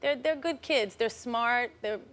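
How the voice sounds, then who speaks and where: A woman talking as a guest on a daytime talk show, chatty and animated, laughing often. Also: a little high, unhurried. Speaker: celebrity guest.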